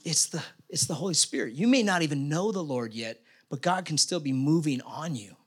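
A man's voice: on the high side, lively intonation, a little fast, slightly rough. A man preaching a casual sermon in church as pastor, explaining step by step with joking asides. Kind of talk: conversational sermon.

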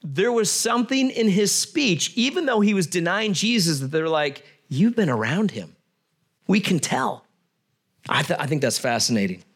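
A man's voice: high voice, expressive, moderate pace, fairly bright tone, slightly rough. Man preaching a casual, joking sermon. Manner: conversational, joking asides with laughter. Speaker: pastor.

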